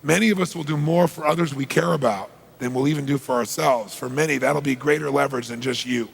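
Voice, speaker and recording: A man's voice: medium pitch, steady tone, fast, creaky, breathy edge, in a large hall. A man giving a motivational seminar talk, telling stories and quizzing the audience. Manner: storytelling, asks the audience questions. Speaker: seminar speaker.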